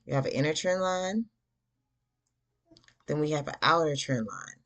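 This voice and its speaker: Excitable young woman teaching chart reading. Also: low-pitched, moderate pace. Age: young adult. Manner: chatty, slangy, bursts of excitement. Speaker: forex trader teaching backtesting. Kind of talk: casual screen-share trading lesson.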